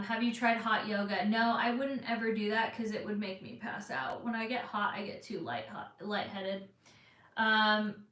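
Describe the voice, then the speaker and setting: A woman's voice: mid-range voice, fairly bright tone. Chatty so-cal girl on a livestream, lots of ums, roomy echo. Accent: Southern Californian. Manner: chatty, rambling, many fillers. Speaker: vlogger answering live chat. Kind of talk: casual live-stream chat. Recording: echoey room.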